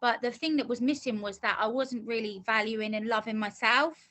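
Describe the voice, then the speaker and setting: An earnest middle-aged woman talks at length in a casual interview. Her voice sits slightly high and sounds bright and forceful. She often doubles back and restarts her sentences as she works through her thoughts. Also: steady tone, moderate pace. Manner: earnest, talkative storytelling with many restarts. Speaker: course graduate being interviewed.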